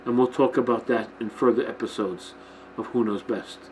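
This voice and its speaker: On his Christian teaching show, a man speaks at normal speed in a medium-pitched, darkish voice with fairly even intonation. He films himself on a camera mic, producing a low-quality recording with slight background noise, and gives an informal Bible-themed talk to camera while often checking in with listeners.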